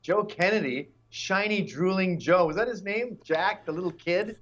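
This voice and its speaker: A man's voice: high voice, normal speed, a bit bright, muffled recording. A man guest on a political talk show, brash and mocking, sometimes putting on silly voices.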